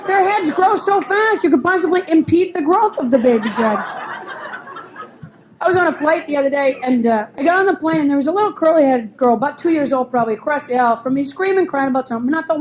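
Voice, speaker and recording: A woman's voice: sits high, expressive, fast, low-quality recording. A woman doing a chatty, sarcastic stand-up set on a club stage. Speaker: stand-up comedian. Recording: faint club noise. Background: audience laughter.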